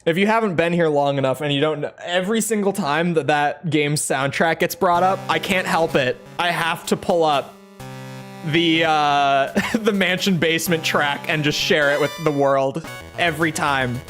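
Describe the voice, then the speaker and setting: A woman's voice: low voice, moderate pace, faint music behind. A woman streaming a game, chatting casually, rambling and correcting herself as she goes. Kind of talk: casual live-stream chat.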